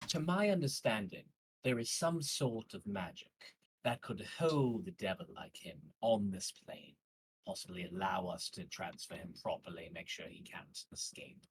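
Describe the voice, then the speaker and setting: A man's voice: low-pitched, normal speed, background noise, close to an everyday voice. A man voicing a male spellcaster in a tabletop game, asking earnest questions.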